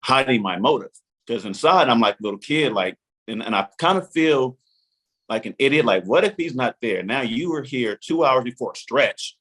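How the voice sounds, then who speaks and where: A man's voice: mid-range voice, expressive, normal speed, a bit bright, breathy edge. A man in his forties telling a long story as a podcast guest, acting out his own inner voice and the lines of others. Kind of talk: animated storytelling.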